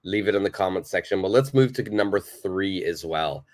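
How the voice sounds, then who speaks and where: Male English teacher, slightly low voice, energetic live-lesson delivery. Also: normal speed. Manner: lively, emphatic explaining, reads viewer comments aloud.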